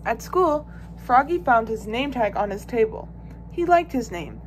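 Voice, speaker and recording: A woman volunteer reading a children's picture book aloud with expressive, lively storytelling. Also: a little high, measured pace, slight background noise. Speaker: volunteer reader.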